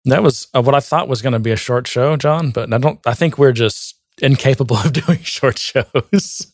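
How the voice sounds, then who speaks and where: A man co-hosting a podcast in loose, jokey conversation. He restarts his sentences often and keeps an easy tone. His mid-pitched voice is recorded close and dry. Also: normal speed, dry recording. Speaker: podcast co-host. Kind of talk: casual podcast chat.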